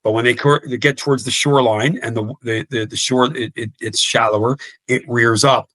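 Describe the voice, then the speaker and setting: Earnest guy in his 50s on a podcast, mid pitch, dry close mic, keeps restarting his sentences. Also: steady tone, normal speed, fairly bright tone, no echo. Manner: earnest, repeats words and restarts often. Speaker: guest coach. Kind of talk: podcast interview.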